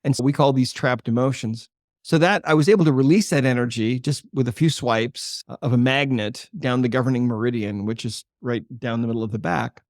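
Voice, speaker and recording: An older man, a holistic chiropractor, explaining his work and telling a patient story in a podcast interview with a measured, earnest delivery. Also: mid-range voice, no echo, studio quality. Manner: earnest, measured explainer who slows for emphasis.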